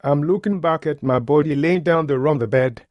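A man's voice: on the high side, moderate pace, no echo, muffled recording. Man, folksy preacher, dry close recording. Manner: folksy, nonstandard grammar. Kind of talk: sermon storytelling.

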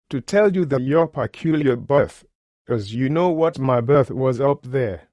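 A man's voice: medium pitch, expressive, a little slow, mellow, dry recording. Male preacher, earnest storyteller, mid-range voice, dry close sound. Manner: earnest, plain-spoken, colloquial grammar. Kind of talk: sermon testimony storytelling.

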